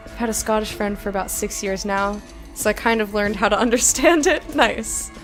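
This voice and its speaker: A woman's voice: medium pitch, moderate pace, faint music behind. A woman streaming a game, chatting casually with her viewers and reading their messages aloud, giggly and easygoing. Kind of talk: casual live-stream chat while playing.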